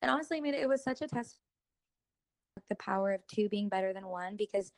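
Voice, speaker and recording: A woman's voice: mid-range voice, brisk, dry recording. A young woman co-hosting a faith podcast, talking in an earnest, chatty way full of "like". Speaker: podcast co-host. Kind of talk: casual faith podcast chat.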